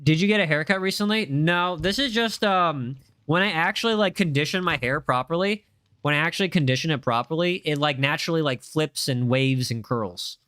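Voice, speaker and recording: Bright-voiced young streamer, playful. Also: male voice, a little high, brisk, clear, resonant tone, dry recording, studio quality. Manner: playful, defensive banter with chat. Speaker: livestream host. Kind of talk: casual livestream chat.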